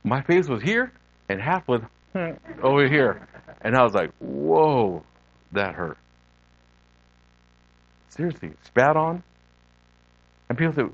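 A man's voice: mid-range voice, a little slow, long pauses, no room sound, highs cut off. A middle-aged man, a lay preacher and missionary, giving an unscripted sermon full of personal stories and acting out the voices he quotes. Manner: earnest storytelling, animated quoted voices.

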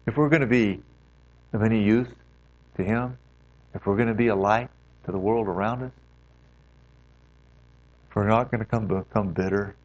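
A man preaching a sermon as pastor, earnest and exhorting, leaning hard on key phrases. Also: fairly low pitch. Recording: dull lo-fi recording.

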